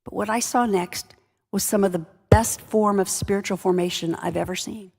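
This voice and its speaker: With fairly even intonation at normal speed, a woman leadership speaker shares a workplace story, wry and conversational in manner. Her mid-range voice has vocal fry, a darkish tone and a breathy edge, and the long reverb of a large hall hangs over it.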